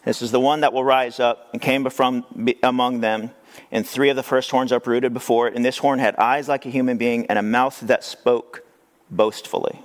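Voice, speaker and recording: A male pastor preaching a sermon in a conversational, animated way, with rhetorical questions. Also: normal speed. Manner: animated, acts out quoted voices with big pitch jumps.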